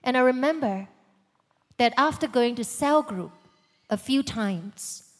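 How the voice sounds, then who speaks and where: A woman giving a sermon testimony in a church, swinging from loud urgent passages to hushed whispers. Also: a little high, slow pace. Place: large church hall. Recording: long hall reverb.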